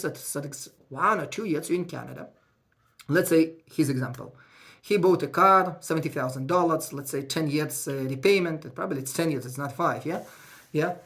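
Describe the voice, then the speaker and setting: This is a speaker explaining finances casually, with phrasing that shows English is not their first language. The voice sits at a middle pitch. It grows loud and emotional when the speaker feels strongly about the point. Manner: emotional, raises voice when worked up; non-native English phrasing. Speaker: accountant giving financial advice. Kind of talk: casual advice talk to viewers.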